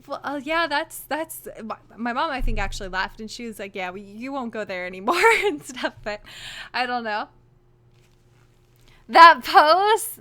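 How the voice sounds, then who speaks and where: A young woman vlogging, telling a story to her camera in a chatty, animated way full of "like" fillers. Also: sits high. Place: home room, wearing a costume.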